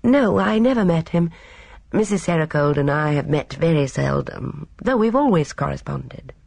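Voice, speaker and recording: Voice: medium pitch, expressive, moderate pace, creaky, darkish tone, no room sound. A reader voicing a polite, mild-mannered elderly lady visitor. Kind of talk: audiobook character reading.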